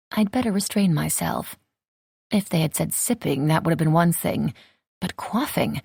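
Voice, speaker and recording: A woman's voice: on the low side, gravelly, dark tone, husky, dry recording, clean studio sound. A woman reading a wry, contrary young lady. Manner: wry, teasing. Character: spirited contrary young noblewoman. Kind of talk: audiobook character reading.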